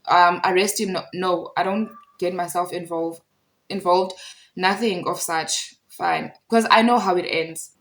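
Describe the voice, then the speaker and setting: Animated woman telling a story. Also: on the low side, a little slow. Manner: animated, repeats phrases for emphasis. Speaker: storyteller vlogger. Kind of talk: casual storytime vlog.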